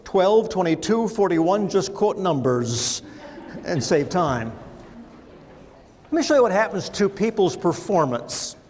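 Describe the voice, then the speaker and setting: High-voiced man telling funny stories. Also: sing-song, slow pace, pauses often, slight background noise. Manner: humorous storytelling, punchline timing. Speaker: motivational speaker. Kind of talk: keynote speech to a live audience. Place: large room with audience.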